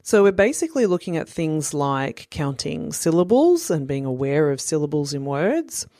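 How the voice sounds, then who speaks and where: Woman, thirties, low voice, dry close sound; friendly parent educator with plenty of "you know" fillers. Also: darkish tone, dry recording. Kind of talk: instructional talk to parents.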